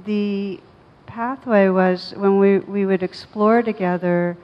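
A woman speaking as a meditation teacher in a thoughtful, measured way, slowing down on key words as she tells a story. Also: mid-range voice, fairly even intonation. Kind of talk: reflective storytelling talk. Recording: dull audio with long reverb.

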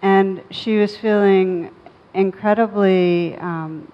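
A woman speaking as a meditation teacher in a thoughtful, measured way, slowing down on key words as she tells a story. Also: medium pitch, steady tone. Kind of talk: reflective storytelling talk. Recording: dull audio with long reverb.

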